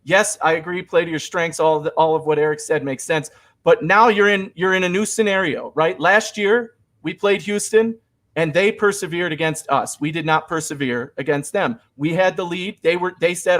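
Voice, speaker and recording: A man's voice: on the high side, moderate pace, fairly bright tone. A man giving earnest, emphatic sports analysis on a casual talk show. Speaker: podcast co-host.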